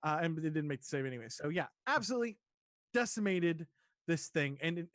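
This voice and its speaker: A man narrating as dungeon master in a tabletop game, describing scenes haltingly with many fillers. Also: a little high, animated, fairly bright tone, no echo, studio quality.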